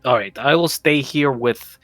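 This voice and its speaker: A man's voice: medium pitch, measured pace, a bit bright, no room sound, soft background music. A man playing a tabletop game casually, joking and teasing the others. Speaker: player.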